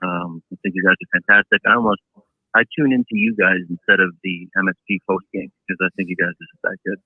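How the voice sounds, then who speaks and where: A man's voice: sits low, steady tone, fast, breathy edge, no echo. A man calling in to a sports podcast, chatty and hedging as he builds his point. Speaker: caller. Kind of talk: call-in sports talk. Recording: tinny phone line.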